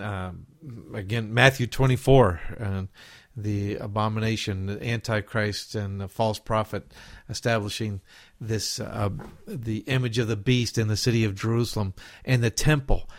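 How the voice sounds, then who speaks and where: A man's voice: fairly low pitch, no room sound, studio quality. A man with a Southern US accent, hosting an unscripted Bible prophecy Q&A podcast and answering listener questions, meandering and circling back to restate passages.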